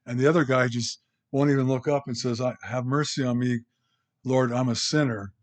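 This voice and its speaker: A pastor preaching a conversational sermon, rambling with restarts and asides to the congregation. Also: male voice, medium pitch, steady tone, normal speed.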